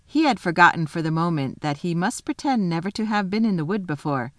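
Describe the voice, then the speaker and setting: A woman reading a children's novel aloud in a lively, expressive storytelling manner. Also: lowish voice, a little fast, no echo, studio quality. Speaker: reader.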